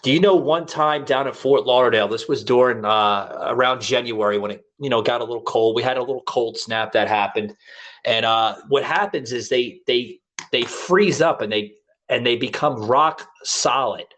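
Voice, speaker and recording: A man's voice: medium pitch, moderate pace, fairly bright tone. A man hosting a podcast, telling a rambling personal story in casual chat with plenty of restarts. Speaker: podcast host.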